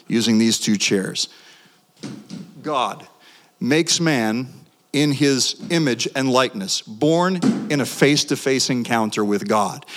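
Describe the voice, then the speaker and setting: A man preaching a sermon with passion, his pitch swinging widely as he builds to big points. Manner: impassioned, with sweeping pitch swings. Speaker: guest preacher. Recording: long hall reverb.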